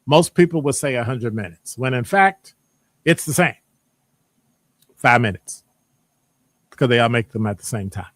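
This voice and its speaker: A man with a Midwestern American accent leads a live online session with an animated, teasing delivery. His voice sits at an ordinary middle pitch. The sound is close and dry, with no room echo. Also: normal speed, long pauses. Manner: animated, jokey, teasing the audience. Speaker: presenter reading audience answers. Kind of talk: live-streamed lecture with chat.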